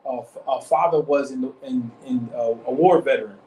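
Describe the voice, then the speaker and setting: A study circle leader with a warm, mid-range voice and fairly quick delivery guides an informal religious discussion with a small group. He rambles and repeats himself, often asking "you see what I'm saying?" The recording is echoey, with the mic far away and faint background noise.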